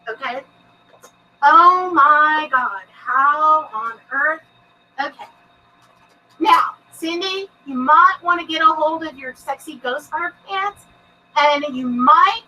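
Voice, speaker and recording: A woman with a high, bright voice and lively intonation hosts a paranormal live stream from her home in Texas, chatting with her viewers. She's giggly and bubbly, swears a lot, and speaks slowly with long pauses in a forceful tone. The mic sounds distant and the recording is rough.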